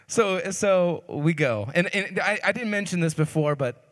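A young man preaching a sermon through a funny story, animated and jokey, swinging between loud and hushed. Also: high-pitched. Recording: long reverb of a hall.

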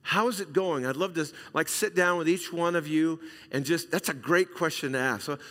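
A middle-aged man from Southern California delivers a sermon with a fairly high, bright, forceful voice. He drives points home by repeating phrases and drops to near-hushed asides. The sound carries a long reverb from a church sanctuary. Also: normal speed. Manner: emphatic preaching, repeats phrases, swings between loud and hushed. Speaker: pastor.

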